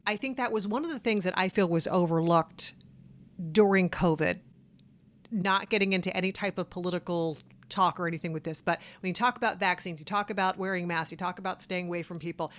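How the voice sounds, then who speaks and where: A woman's voice: fairly low pitch, a little fast. A woman hosting a talk show, speaking in an earnest, conversational way. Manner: earnest, conversational, laughs along. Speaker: show host. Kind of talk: casual interview chat.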